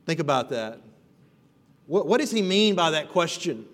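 A man's voice: a little high, big pitch swings, normal speed. A man preaching an expository sermon as pastor, earnest and building emphasis on repeated phrases. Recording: long reverb of a hall.

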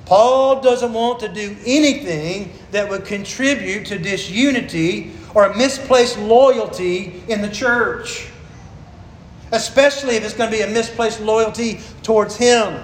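A pastor preaches with a high, earnest voice, leaning hard on his key phrases and slowing down to stress them. The room is echoey and roomy, with a faint hiss of ambience underneath. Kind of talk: sermon.

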